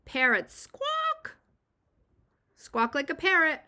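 A woman who teaches preschool, reading a picture book aloud to young children and gently encouraging them to join in. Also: on the high side, animated, slow.

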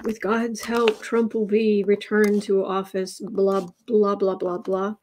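A woman giving a casual livestreamed tarot reading, drawing her words out and dropping into soft, near-whispered asides. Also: mid-range voice, level tone, slow pace, noisy background. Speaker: tarot reader.

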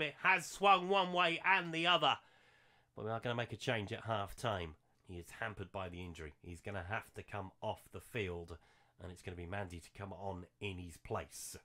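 Bright, chatty man commentating a game. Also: on the low side. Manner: chatty, animated match commentary with asides to viewers. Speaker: gaming commentator.

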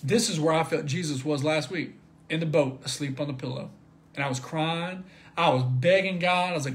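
A man giving an informal Bible study talk, animated, often repeating words and rising to near shouts at high points. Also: moderate pace. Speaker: Christian video preacher.

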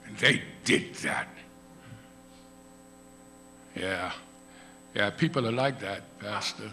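Male preacher in church, really bright sharp voice, faint music behind, goes from soft storytelling to full shouts. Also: on the low side. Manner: swings from hushed, slow storytelling to shouted crescendos; speaks to a pastor beside him in role-play. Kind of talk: Palm Sunday sermon. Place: church sanctuary.

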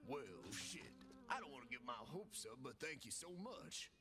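Man as a drawling alien vendor in a game, lively swinging pitch. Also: normal speed, close to an everyday voice. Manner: folksy drawl, friendly and rambling. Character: folksy drawling alien goop vendor, male. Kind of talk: video game dialogue.

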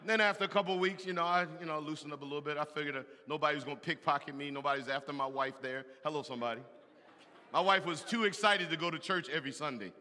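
A man preaching a sermon, animated and emphatic, with loud bursts and call-and-response to the congregation. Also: fairly high pitch, fast talker, a little hiss or hum. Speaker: pastor. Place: large church hall. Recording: echoey hall from a distance.

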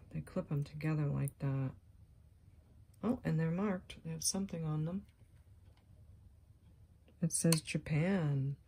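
A woman's voice: deep voice, slightly rough. A woman vlogger with a scratchy voice, chatting casually and gushing as she shows off thrifted jewelry, sometimes dropping to a near-whisper. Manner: gushing, excited exclamations. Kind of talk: casual show-and-tell chat.

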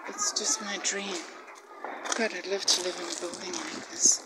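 An older woman vlogging a walking tour, chatty and admiring, often dropping to a hushed voice. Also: mid-range voice, fairly even intonation, measured pace. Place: outdoors in a village street. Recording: loud background noise.

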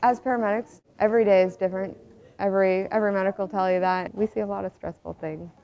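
A woman's voice: medium pitch, steady tone, fast, gravelly. A woman paramedic speaking candidly and matter-of-factly in a documentary interview. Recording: slightly dull audio with faint music behind.

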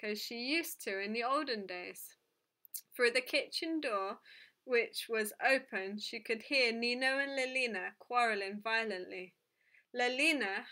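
A woman reading a children's novel aloud in a gentle, even storytelling manner. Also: on the high side. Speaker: storybook reader.

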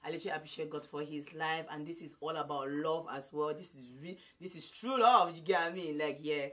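A woman in her twenties vlogging loudly and effusively to a phone camera, repeating herself often. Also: low voice, brisk. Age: 20s. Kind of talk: casual vlog to camera.

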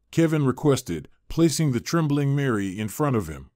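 A man narrating a fairy-tale story in a measured, expressive way. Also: medium pitch, no room sound, clean studio sound.

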